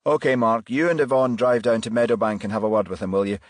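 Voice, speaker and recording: A man voicing a male detective inspector, brisk and commanding as he hands out tasks. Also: on the low side, steady tone, dry recording, natural voice.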